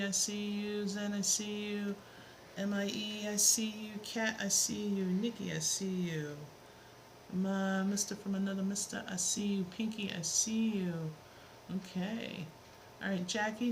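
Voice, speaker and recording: Lady teaching math on a live stream, chatty, shouting out viewers, little fan hum in the room. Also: mid-range voice. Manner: chatty, greets viewers by name, playful asides. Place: home room with a fan running.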